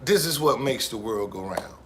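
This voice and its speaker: Profane, emphatic man with bright voice. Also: mid-range voice, lively intonation, normal speed, a little hiss or hum. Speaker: street musician. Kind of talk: casual monologue.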